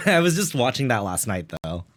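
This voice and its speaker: A man's voice: medium pitch, big pitch swings, measured pace, sharp tone, no room sound. A man streaming while drawing, talking in mumbled, offhand asides full of "like" fillers into a close desk mic.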